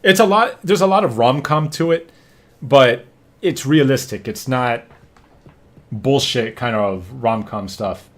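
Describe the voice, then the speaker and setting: Animated, swearing male podcast host. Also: mid-range voice, unhurried. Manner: animated, profane, acts out quotes. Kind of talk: casual chat.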